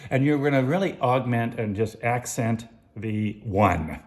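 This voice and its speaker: A man's voice: mid-range voice, a little slow, darkish tone. A man giving a casual music lesson, explaining time signatures, counting beats aloud and singing short snippets. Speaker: music teacher.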